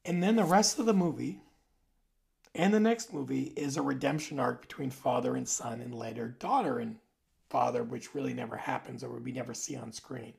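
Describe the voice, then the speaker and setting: A vlogger with a heavily creaky, gravelly voice chats to the camera in a loose, wandering monologue. They are in their forties, trail off mid-thought and circle back to fix what they said. The pitch sits in a middle register. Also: moderate pace, darkish tone. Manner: rambling, loose, trails off and corrects himself. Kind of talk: casual rambling monologue to camera.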